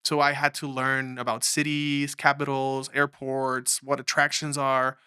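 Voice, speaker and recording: Speaking at a measured pace, a young Mexican man interviewed as a filmmaker recounts his story animatedly and takes on the voices of people he cites. The close, dry capture has no room sound, and his mid-range voice comes across bright and clear.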